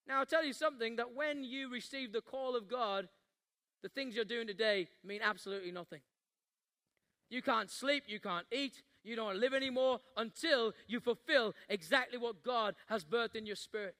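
High-pitched, bright-voiced preacher. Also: male voice, normal speed. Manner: passionate preaching, acting out Bible scenes with rising intensity. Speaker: pastor. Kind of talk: sermon.

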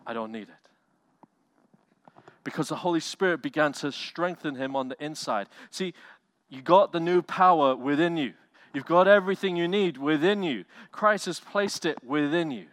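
A man preaching with big swings between booming peaks and hushed, low-pitched asides. His voice sits at an ordinary middle pitch. The sound is dry and close, with little room echo. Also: normal speed. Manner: animated preaching with acted-out quotes, loud swells and soft drops. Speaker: pastor. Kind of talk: sermon.

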